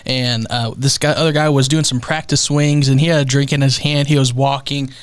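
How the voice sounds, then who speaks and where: A man's voice: medium pitch, level tone, a little fast, slight background noise. A man in his twenties chatting on a podcast, laid-back and swearing a lot. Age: 20s. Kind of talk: casual podcast chat.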